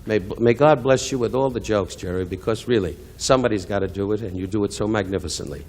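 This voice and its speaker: A man's voice: fairly low pitch, fast talker, darkish tone. An older man doing a live insult comedy roast at a benefit, brash and teasing, switching to sincere asides. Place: benefit event hall.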